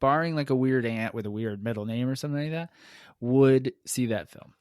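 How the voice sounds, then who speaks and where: A man hosting a podcast, chatting casually with playful, quick jokes. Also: medium pitch, darkish tone, smooth, dry recording, clean studio sound. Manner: joking, playful, quick riffs. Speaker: podcast host. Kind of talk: casual conversation.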